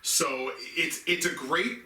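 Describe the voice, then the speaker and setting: A man's voice: fairly high pitch, slow, pushed and bright, recorded from a distance. A man co-hosting a casual movie review chat, talking earnestly and restarting sentences as he explains his picks. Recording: echoey room, mic set back.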